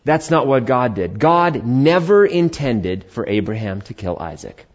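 A man preaches a sermon at a middle pitch, reading scripture and then asking and answering his own questions. He voices imagined objections in a higher tone. The recording sounds slightly muffled. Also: sing-song, a little slow. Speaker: pastor.

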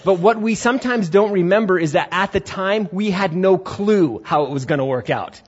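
A male pastor preaching a lively sermon and acting out quotes as he goes. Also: sits high, moderate pace. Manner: animated, acts out quotes. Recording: dull lo-fi recording.

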